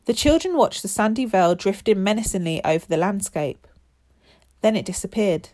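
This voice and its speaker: A woman narrating a children's chapter book aloud in a steady, clear way. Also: mid-range voice, moderate pace.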